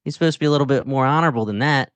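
A man co-hosting a casual talk show about a TV series, animated and slangy, often breaking into laughter as he tells his reactions. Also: mid-range voice, very fast, dry recording. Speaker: podcast co-host. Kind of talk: casual chat.

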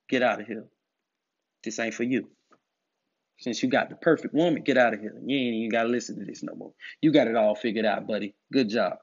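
In dull lo-fi audio, a masculinity commentator lectures directly to the camera, emphatic and moralizing, repeating himself often. His voice sits in the middle range and moves a little quickly.

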